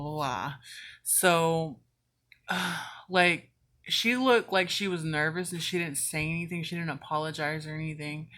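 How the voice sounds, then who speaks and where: In a low voice that sounds pushed and bright, a woman shares a storytime vlog. She keeps it casual, curses freely, and peppers her talk with "like."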